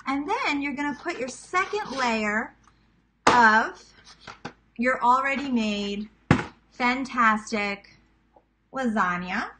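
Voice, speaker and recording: In this very noisy clip, a cooking vlogger in her thirties, a Queens native with a New York accent, demonstrates a recipe at home in a casual, chatty way. Her fairly high voice is expressive and slow, broken by frequent pauses. She pokes fun at herself and addresses viewers as "guys."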